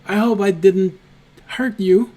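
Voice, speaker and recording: A man's voice: sits high, steady tone, slow pace, warm tone, pitched above the performer's own voice. A man voicing a small, nervous, frail male kobold who stammers and apologizes a lot.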